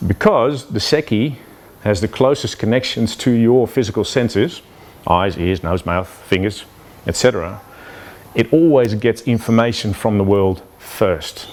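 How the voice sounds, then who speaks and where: A man's voice: fairly low pitch, unhurried, darkish tone. A man giving an informal lecture at an event, conversational and often checking in with "yeah" and "you know.". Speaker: speaker explaining brain biology.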